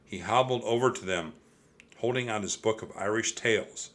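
A man narrating a children's storybook in an expressive, steady reading style. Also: on the low side, moderate pace. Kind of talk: audiobook storytelling.

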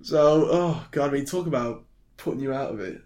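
A man's voice: mid-range voice, animated, moderate pace, a little mellow. A British man co-hosting a casual podcast about films. He rambles, with lots of ums and restarts. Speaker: podcast co-host. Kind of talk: casual film chat.

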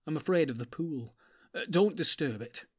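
A man's voice: fairly high pitch, animated, normal speed, husky, voice pushed up. A man doing a frightened young hobbit. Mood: afraid. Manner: anxious and pleading. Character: small young male hobbit, fearful and earnest.

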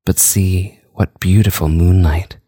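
Guy reading as a drowsy sighing vampire countess, soft, super low voice, dry mic. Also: steady tone, a little slow, breathy edge, dry recording. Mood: languid. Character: languid, drowsy young female vampire countess. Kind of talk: audiobook reading of a novel.

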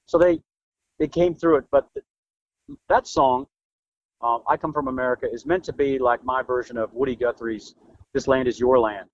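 A man's voice: medium pitch, normal speed, long pauses, no room sound, lo-fi sound. A man from Florida, a singer-songwriter guest, telling a story earnestly in a casual interview. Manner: earnest storyteller, lively emphasis.

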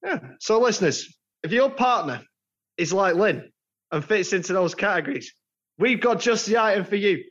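A man's voice: high voice, expressive, moderate pace, a bit bright. A man co-hosting a casual podcast with dry, mock-formal humour. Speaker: podcast co-host. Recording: dull lo-fi sound.

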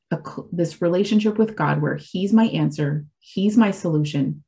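A woman in her forties with a slightly low voice, speaking in a candid, reflective, conversational way. She pauses, restarts and leans on fillers as she works through personal thoughts on faith and recovery. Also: vocal fry, mellow, husky. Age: 40s. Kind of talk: casual reflective talk.

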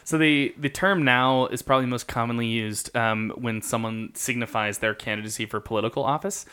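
A man's voice: medium pitch, steady tone, brisk, sharp tone, smooth. A man hosting a quiz, joking with puns and explaining each answer in an easygoing way. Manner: playful, punning, explains answers at length. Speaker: quiz host. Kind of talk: casual quiz banter.

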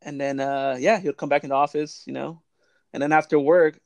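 A man's voice: fairly high pitch, fairly even intonation, a little fast, creaky, dry recording. A young man hosting a casual chat, telling old service stories, swearing freely and laughing often. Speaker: podcast host.

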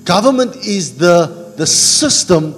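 Pastor preaching in a church hall. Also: male voice, high voice, animated, slow. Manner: call-and-response preaching, asks the congregation to finish verses. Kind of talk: sermon. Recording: church hall reverb with music.

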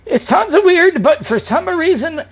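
A man's voice: very high-pitched, expressive, a little slow, vocal fry, voice pushed up, full character voice. A man doing a rambling broken-English shop owner. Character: anxious, rambling immigrant male business owner.

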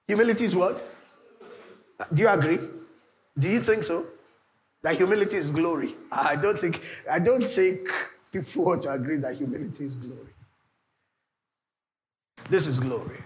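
A middle-aged Nigerian man preaching a sermon, swinging between loud declarations and soft pleading asides. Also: high voice, normal speed, long pauses, slight background noise. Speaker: pastor.

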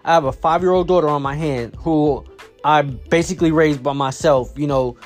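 Man with a slightly high voice, father, casual storytelling, rambling, lots of fillers, faint music behind. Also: normal speed. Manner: rambling, many fillers and restarts.

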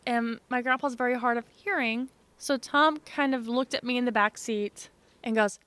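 Smooth-voiced young woman telling stories. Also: a little high, fairly even intonation, normal speed, a bit bright, dry recording. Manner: chatty, sarcastic storytelling. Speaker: podcast co-host. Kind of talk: casual chat.

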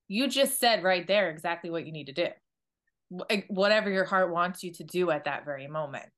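A woman's voice: on the low side, a little fast, a bit bright. A woman co-hosting a wellness podcast who reassures and coaches her partner in an upbeat, encouraging way. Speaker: podcast co-host.

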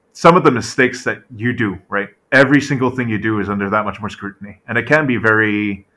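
A man co-hosting a casual sports podcast, animated and full of fillers and "right?" tag questions. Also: on the low side. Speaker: podcast co-host.

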